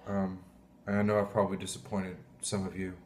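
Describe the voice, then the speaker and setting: Heartfelt low-voiced man preaching. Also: little pitch movement, a little mellow. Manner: heartfelt, halting, clears throat often. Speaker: pastor. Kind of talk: emotional sermon.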